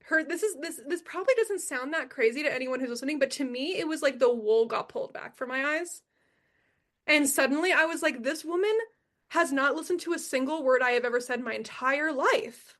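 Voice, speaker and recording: On a podcast, a young woman with a high voice tells her own story fairly quickly and in a fairly bright tone. She doesn't soften anything: she's emphatic, swears often, and repeats the points she cares about.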